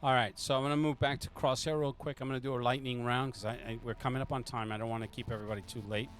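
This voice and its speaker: A man running a tabletop game as game master, narrating in a loose, improvised, halting way. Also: mid-range voice, steady tone, fairly bright tone.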